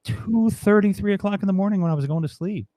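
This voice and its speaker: A man's voice: high voice, fast talker, mellow, dry recording, studio quality. A man guest on a livestream, rambling and joking with lots of fillers. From United States. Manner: rambling, jokey, many fillers. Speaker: livestream guest, fellow broadcaster. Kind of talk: casual chat.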